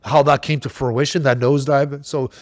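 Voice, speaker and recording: A man hosting a casual podcast chat, telling stories in an animated, emphatic way with many restarts. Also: medium pitch, moderate pace, no room sound. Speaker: podcast host.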